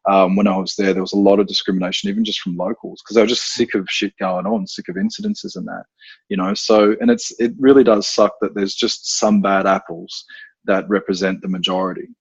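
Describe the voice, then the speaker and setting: A man's voice: low-pitched, fairly quick, gravelly, husky, no echo, lo-fi sound. An Australian man telling stories on a podcast, rambling with fillers and swearing freely. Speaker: guest, self-defense instructor. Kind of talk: casual podcast storytelling.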